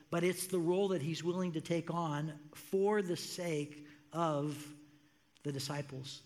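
Pastor guy preaching, high voice, big echoey church hall, gets lively doing quoted voices. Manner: animated, acts out quoted voices with rising pitch. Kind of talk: sermon. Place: church sanctuary.

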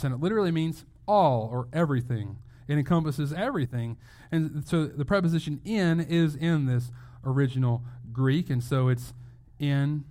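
A man's voice: mid-range voice, a little mellow. Conversational male pastor preaching a sermon. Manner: conversational preaching with rhetorical questions and restarts.

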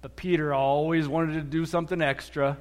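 A man preaching a sermon as a pastor, animated, acting out quotes and repeating words as he goes. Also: a little high, brisk. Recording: echoey hall.

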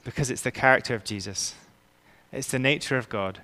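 A man preaching a sermon as pastor, earnest and emphatic, slowing down to stress key words. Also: mid-range voice, pushed and bright. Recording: long reverb of a large hall.

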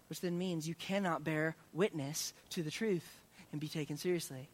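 A man preaching a sermon as pastor, earnest, rising in intensity and then dropping soft to pray. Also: a little high, fairly even intonation, moderate pace, few pauses.

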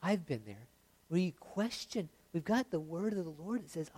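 High-voiced man preaching a sermon. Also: big pitch swings, normal speed, breathy edge. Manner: reads scripture aloud with rising intensity, then drops to soft confiding asides; stammers and restarts often. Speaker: pastor.

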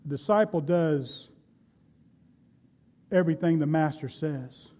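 A man's voice: on the high side, a little slow, dark tone. A man preaching a sermon, retelling Bible stories and speaking directly to his congregation. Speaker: pastor.

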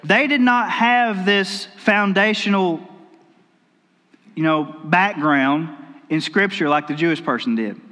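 A man's voice: high voice, lively intonation, takes it slowly, bright, forceful tone, in a large hall. A male pastor preaching a sermon, telling stories in a folksy way and often restarting his sentences. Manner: folksy storytelling with repeated restarts. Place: church sanctuary.

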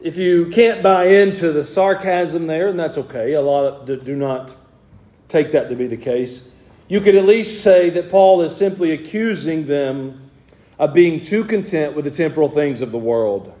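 A man preaching in an echoey church, his voice a little higher than most men's but mellow in tone. He reads old scripture aloud and then explains it to his congregation in plain talk. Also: moderate pace. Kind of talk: evening sermon with scripture reading.

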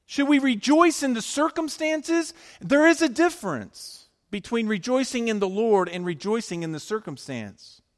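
A male pastor preaching a sermon, emphatic, swinging between loud declarations and hushed lines. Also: very high-pitched, animated, moderate pace, hardly any pauses, big-room sound.

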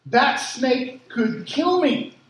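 High-voiced pastor in an echoey hall. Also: male voice, extremely slow. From Africa. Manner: lively storytelling, acts out quotes. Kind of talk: sermon with personal stories. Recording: echoey hall from far off, faint ambience.

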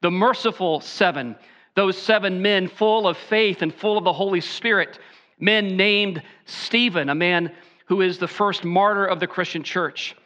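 A man preaching a sermon as pastor, slowing down to stress key phrases. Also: sits high, sharp tone, dull audio.

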